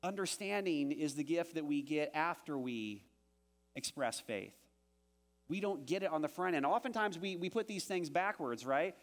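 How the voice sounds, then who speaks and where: A man with a high voice preaching a sermon to his congregation. He is animated and slips into the anxious voices of the people he quotes before returning to his own teaching tone. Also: moderate pace. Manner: animated, acts out quoted voices with rising pitch. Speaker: pastor.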